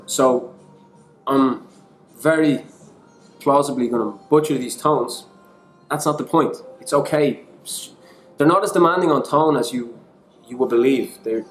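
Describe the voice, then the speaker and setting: Chatty Irish man in an echoey room. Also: medium pitch. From Ireland. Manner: chatty and self-deprecating, jumping between languages. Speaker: online English teacher. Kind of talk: casual teaching vlog.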